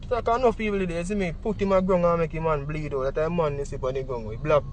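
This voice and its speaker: A man's voice: on the high side, fast, a little hiss or hum. A man with a Jamaican accent giving a vivid eyewitness account in patois, acting out what others said. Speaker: witness.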